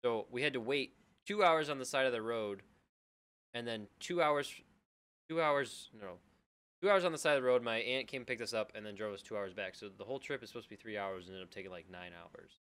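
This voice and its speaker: A young man co-hosting a live-streamed chat show, telling a rambling, low-key story. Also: fairly quick, fairly bright tone, clear, resonant tone. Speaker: co-host.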